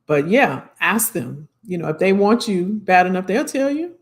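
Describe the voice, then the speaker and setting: A woman's voice: fairly low pitch, moderate pace. A woman hosting a casual live Q&A, giving career advice in a conversational way and repeating points for emphasis.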